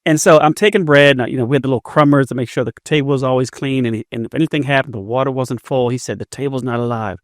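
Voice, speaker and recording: Fast-talking man in his fifties. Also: mid-range voice, dry recording, studio quality. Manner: fast, repeats words when starting sentences. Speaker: entrepreneur guest. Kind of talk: casual interview storytelling.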